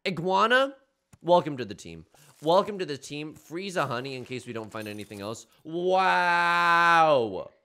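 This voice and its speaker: Excitable man with a lively voice. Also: on the high side, a little fast. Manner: excitable, jokey, with sudden loud outbursts. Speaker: gaming YouTuber. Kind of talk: casual gameplay commentary.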